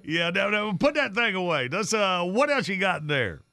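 A man, hosting a morning radio show, folksy and quick to laugh as the straight man. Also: sits high, sing-song, creaky, pushed and bright, no room sound, studio quality. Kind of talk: radio banter.

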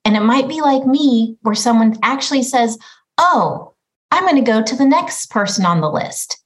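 Earnest higher-pitched woman guest. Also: lively intonation, normal speed, poor audio. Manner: earnest, acts out her own inner voice. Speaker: podcast guest. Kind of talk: reflective conversation.

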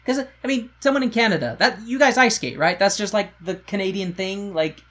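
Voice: medium pitch, lively intonation, a little fast, fairly bright tone. Podcast cohost, swears a lot, rambly jokey recap, casual chat. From United States. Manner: joking, profane, rambling storytelling. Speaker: podcast co-host.

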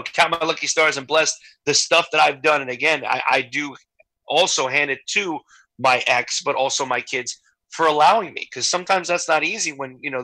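A man's voice: a little high, sharp tone, dry recording, rough recording. A man in his forties, a guest in a casual interview, telling candid, emotional stories full of quoted dialogue. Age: 40s. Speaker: guest entertainer.

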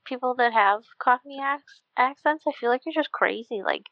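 A woman's voice: high-pitched, moderate pace, no echo. A woman co-hosting a podcast in casual chat, dropping dry teasing quips. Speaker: podcast co-host. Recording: slightly dull lo-fi sound.

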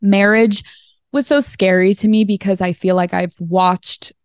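A woman's voice: medium pitch, steady tone, measured pace, clean tone, no echo, clean studio sound. A woman chatting as a podcast guest, telling stories with lots of "like" and acting out conversations. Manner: chatty storyteller, heavy use of "like"; acts out quoted dialogue. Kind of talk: casual interview chat.

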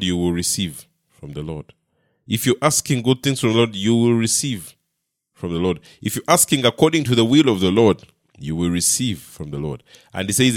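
A man preaching a sermon, building points through repetition and often checking with a quick "yeah?". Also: lowish voice, no echo, clean studio sound. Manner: repetitive, emphatic, frequent "Yeah?" checks to listeners.

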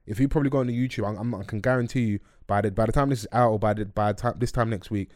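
This podcast host is a young man whose voice sits fairly low, recorded dry on a close mic. His chat is fast, lively, and jokey, loaded with slang.

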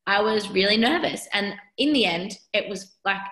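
A woman's voice: mid-range voice, normal speed, a bit bright, roomy sound. A woman with an Australian accent, a business owner guesting on a podcast, talking in a chatty way full of "like" and "you know". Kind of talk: conversational podcast interview.

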